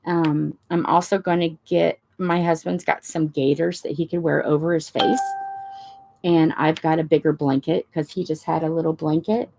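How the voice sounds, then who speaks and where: A woman's voice: sits low, normal speed, creaky, a little hiss or hum. A woman hosting a crafting chat, telling a rambling story in a casual way and acting out the dialogue. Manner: rambling, animated retelling with quoted dialogue. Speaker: crafting channel host.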